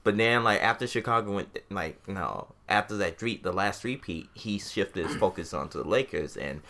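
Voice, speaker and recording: A man's voice: sits low, expressive, moderate pace, sharp tone. A young man co-hosting a podcast, chatting casually and rambling through stories with a lot of "like" and some swearing. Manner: rambling, swears, retells with lots of "like". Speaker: podcast co-host. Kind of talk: casual chat.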